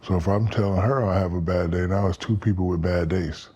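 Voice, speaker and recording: Profane low-voiced man telling animated stories. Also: brisk, highs cut off, a little hiss or hum. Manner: animated storyteller, profane, acts out quotes. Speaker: podcast guest. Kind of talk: storytelling in casual interview.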